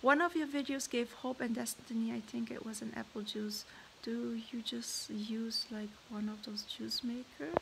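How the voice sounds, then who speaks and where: A woman's voice: fairly high pitch, steady tone, moderate pace, gravelly, a little hiss or hum, rough recording. A woman with a German accent, a native German speaker from Germany, chatting casually on a live stream, reading viewer comments aloud and laughing often. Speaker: parrot vlogger hosting a live stream.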